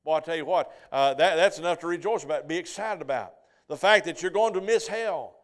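Brief: high-pitched male pastor, folksy sermon storyteller. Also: brisk. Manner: folksy storytelling, asks the congregation "Amen?".

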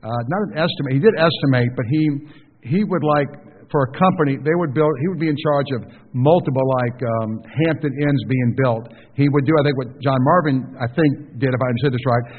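A man's voice: mid-range voice, fairly quick, breathy edge. A man preaching a sermon to his congregation, conversational and full of questions to the listeners. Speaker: pastor. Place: church sanctuary. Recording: tinny distant recording with long hall reverb.

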